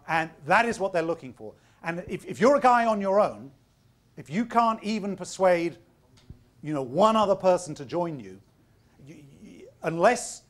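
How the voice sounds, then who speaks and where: A man who is losing his voice gives an informal talk to an audience of entrepreneurs. He speaks directly and with emphasis, often repeating words while he thinks. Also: on the high side.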